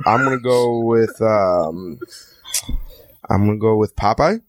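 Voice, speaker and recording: A man's voice: fairly low pitch, unhurried, noisy background. A man in casual podcast chat who often repeats a phrase while gathering his thoughts.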